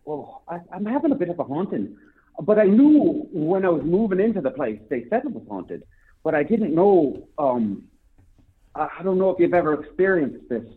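Man, Irish accent, sly, teasing, phone-line sound, fairly high voice. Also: very animated, moderate pace. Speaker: prank caller.

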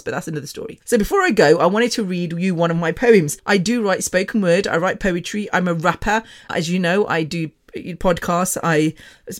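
A woman hosting her own podcast, talking bluntly and candidly, swearing freely and getting over the top. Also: on the low side. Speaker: podcast host. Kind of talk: candid solo podcast monologue.

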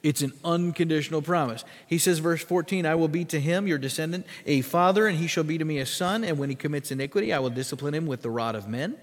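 Emphatic high-voiced male preacher in a big hall. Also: fast talker, hardly any pauses. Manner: emphatic, building to loud peaks and dropping low; asks the congregation to repeat words and follow in their Bibles. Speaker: pastor. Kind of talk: sermon. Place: church sanctuary. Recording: long reverb of a large church hall.

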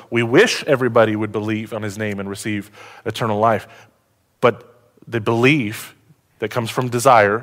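Here a pastor with a fairly low pitch delivers a sermon, quizzing his congregation as he goes. He shifts from loud excitement to quiet sincerity and back.

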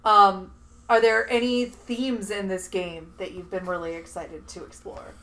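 A woman's voice: mid-range voice, fairly even intonation, unhurried, pushed and bright, poor audio. A woman interviewing a game master in a casual chat, often restarting her questions hesitantly.

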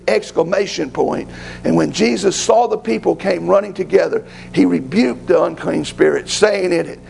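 A man's voice: high voice, normal speed, vocal fry, a little mellow, slight background noise, low-quality recording. A man preaching a sermon as pastor, rising to fervent pleading.

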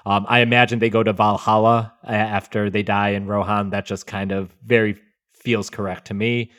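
A man hosting a podcast in casual chat, relaxed and measured with wry asides. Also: fairly low pitch. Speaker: podcast host.

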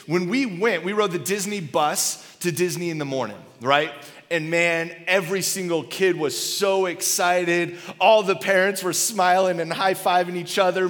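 Chatty man preaching in a reverberant hall. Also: high voice. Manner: animated, conversational, storytelling with lots of "like" and "right?". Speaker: pastor. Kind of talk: sermon. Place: church auditorium.

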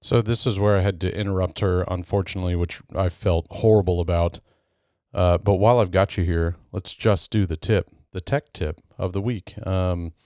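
A man's voice: low-pitched, darkish tone, no room sound, studio quality. A man hosting, giving a casual tech tip with playful, emphatic pleading. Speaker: podcast host.

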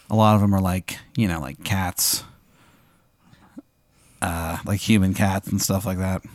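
A man's voice: low-pitched, fairly even intonation, unhurried, no room sound. A man hosting a podcast, casually narrating a spooky hypothetical with many fillers. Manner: rambling, filler-heavy narration. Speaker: podcast host posing a hypothetical. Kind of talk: casual improvised storytelling.

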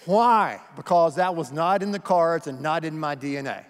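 Middle-aged pastor guy preaching, high voice, lots of questions, echoey church hall. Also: normal speed. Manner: emphatic, conversational, asks many questions. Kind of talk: sermon.

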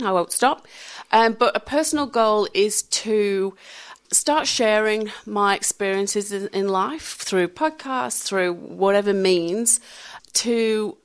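A woman, telling candid, animated stories as a radio interview guest and laughing often. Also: on the low side. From England. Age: 50s. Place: radio studio.

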